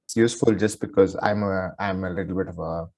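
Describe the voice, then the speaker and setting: A man from India co-hosting a casual podcast, reacting quickly with lots of fillers. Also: low voice, steady tone, darkish tone. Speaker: podcast co-host.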